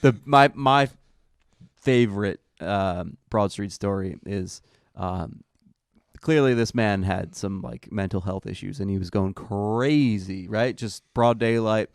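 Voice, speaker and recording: A man's voice: fairly low pitch, takes it slowly, no echo, studio quality. A man with a Philadelphia accent, a laid-back storyteller chatting as a podcast guest. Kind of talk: casual chat.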